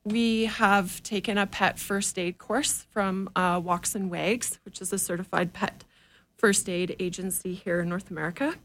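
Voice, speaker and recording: A woman guest sits in a radio studio and answers the host's questions. She explains things earnestly and step by step, in a voice of middling pitch. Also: steady tone, a little slow, a bit bright. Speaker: guest, dog owner.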